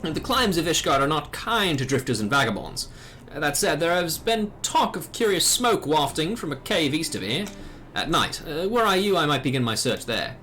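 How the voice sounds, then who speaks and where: A man's voice: fairly high pitch, very animated, moderate pace, pushed and bright, slight background noise, pitched above the performer's own voice. A man voicing a formal, helpful male watchman with old-fashioned phrasing, read from a game.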